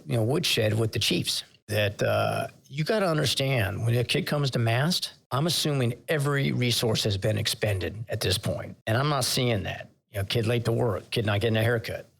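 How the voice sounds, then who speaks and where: Candid, conversational storytelling comes from an older man, a retired vice admiral on a podcast, who turns emotional over memories of his sailors. He speaks in a mid-range, fairly bright voice with vocal fry.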